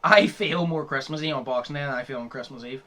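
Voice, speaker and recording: Bright-voiced young man. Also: medium pitch, quick pace. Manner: swears freely, laughs often, retells comedy scenes. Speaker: podcast co-host. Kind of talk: casual podcast chat.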